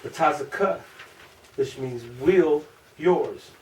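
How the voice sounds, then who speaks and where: A man with a Chicago accent teaching a small group class, asking questions and slowly repeating syllables. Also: a little high, animated. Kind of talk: informal group language lesson. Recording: distant room mic with faint noise.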